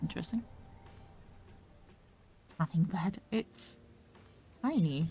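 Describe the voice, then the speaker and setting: Gravelly-voiced woman streaming a game. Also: lowish voice, animated, slow, mellow, faint music behind. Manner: chatty, swears casually, laughs often. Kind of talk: live gameplay commentary.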